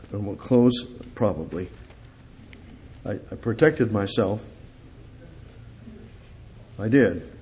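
A male preacher delivering a sermon, emphatic, repeating key words and putting questions to his congregation. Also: medium pitch.

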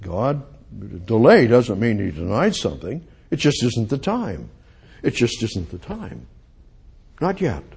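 A man preaching a sermon, dropping to a hush and rising to loud cries, repeating phrases for emphasis. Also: mid-range voice, a little slow, gravelly, slightly rough. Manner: lively, swings from hushed to loud, repeats phrases.

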